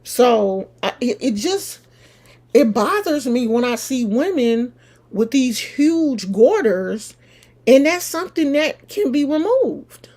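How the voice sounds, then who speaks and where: A middle-aged woman with a lilt talks to her camera audience like an old friend, unhurried and easygoing. Her voice sits a little high, and she fills the story with asides to the viewers. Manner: chatty, animated, talks straight to viewers. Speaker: vlogger.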